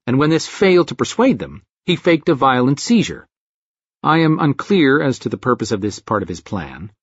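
A man reading a first-person audiobook in a dry, deadpan storytelling manner. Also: medium pitch, slightly rough, no room sound. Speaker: audiobook narrator. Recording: dull lo-fi recording.

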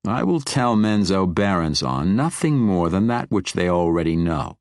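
A man's voice: low-pitched, very animated, darkish tone, no echo, clean studio sound. A man voicing a sly, sardonic male drow mercenary who drawls his words archly. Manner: arch, drawn-out, sardonic.

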